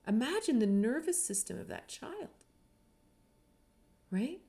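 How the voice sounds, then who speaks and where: A woman's voice: fairly high pitch, sing-song, measured pace, gravelly, dark tone. A middle-aged woman giving a reflective teaching talk on spirituality, earnest and full of rhetorical questions. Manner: earnest, uses many rhetorical questions and tags with "right?".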